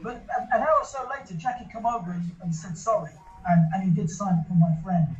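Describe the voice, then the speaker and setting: Speaking quickly in a high voice, an interview guest rambles through a long, casual story, full of restarts and repeated words. The recording is lo-fi, made in an echoey room.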